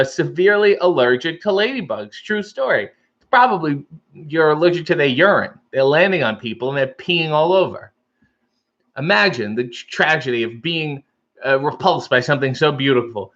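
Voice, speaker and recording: A man's voice: medium pitch, fairly bright tone, lo-fi sound. A man hosting a casual live stream, reading out viewer comments and answering them with wry, joking asides.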